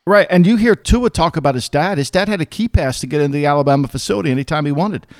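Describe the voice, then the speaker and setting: Middle-aged guy on a podcast, blunt and fired up, curses a lot, kinda high voice, dead dry sound. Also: fast talker, no echo. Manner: blunt, emphatic, argumentative, curses freely. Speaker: podcast host, former football executive. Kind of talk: casual sports podcast chat.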